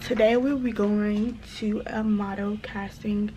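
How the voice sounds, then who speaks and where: A woman in her twenties chatting casually to the camera in a vlog, relaxed and full of fillers. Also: mid-range voice, unhurried. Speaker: vlogger. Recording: slightly dull sound with steady background noise.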